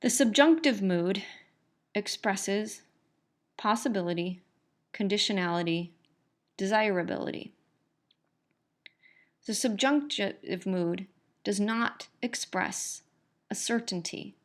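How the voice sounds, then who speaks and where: In this recorded grammar lesson, a middle-aged English teacher speaks slowly at a medium pitch, leaving long pauses. She explains patiently and goes back over the key points.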